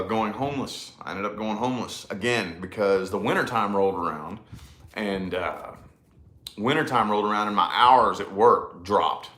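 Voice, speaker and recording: A man telling a personal story in loose, casual talk, with a relaxed drawl and frequent swearing. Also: lowish voice. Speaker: podcast co-host. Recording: echoey room.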